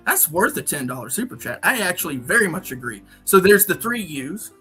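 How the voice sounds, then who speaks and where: A man's voice: on the high side, brisk, hardly any pauses, husky, soft background music. A man hosting a livestream, joking and laughing as he reads viewer super chats. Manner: animated, joking, laughs often. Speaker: livestream host. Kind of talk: casual livestream chat, reading super chats.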